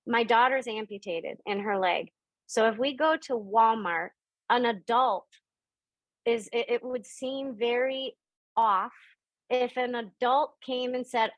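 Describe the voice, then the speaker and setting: Over a video call, a middle-aged woman takes her time sharing personal anecdotes while teaching about spirit and intuition. When she quotes others she voices them with large pitch leaps. The audio is dull, with no echo.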